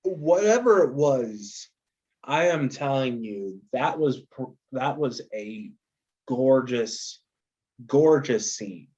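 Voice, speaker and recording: Man, slow-talking, hesitant movie chat, muffled lo-fi recording. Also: medium pitch, animated, dark tone. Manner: hesitant, halting with "um" and "like". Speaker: podcast co-host. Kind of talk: casual movie review chat. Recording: dull lo-fi sound.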